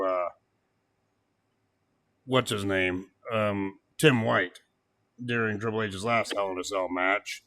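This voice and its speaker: A man in casual chat reviewing an old wrestling event, animated, cursing freely and laughing as he mimics what people said. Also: on the low side, a little slow, long pauses. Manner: animated, swears, laughs often, mocks quotes. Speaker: podcast co-host.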